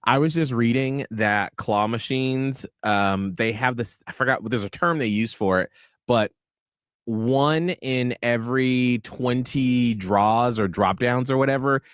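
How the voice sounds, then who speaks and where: A man's voice: medium pitch, a little slow, smooth, dry recording. A man co-hosting a radio show, chatting casually with dry, teasing remarks. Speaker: radio co-host. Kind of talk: casual chat. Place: radio studio.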